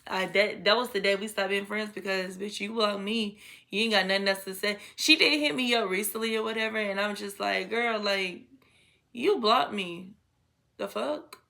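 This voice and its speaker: Bright-voiced blunt young woman storyteller. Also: mid-range voice, moderate pace, gravelly. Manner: animated, blunt, profane, slangy. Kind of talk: casual storytime vlog.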